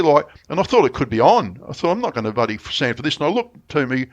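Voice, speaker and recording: A middle-aged Australian man chatting casually, telling a long story with many restarts and getting animated when he quotes people. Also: mid-range voice, fast. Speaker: friend sharing memories. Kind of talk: casual chat.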